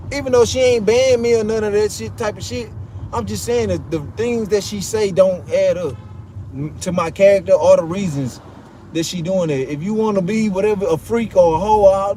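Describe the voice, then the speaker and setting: A man's voice: high voice, normal speed, warm tone. A man livestreaming outdoors, ranting casually and profanely, rambling with frequent restarts. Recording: noisy street and traffic.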